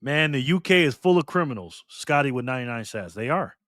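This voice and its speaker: A man hosting a casual livestream, reading and answering the chat excitedly. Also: mid-range voice, a little fast, no room sound, clean studio sound. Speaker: livestream host.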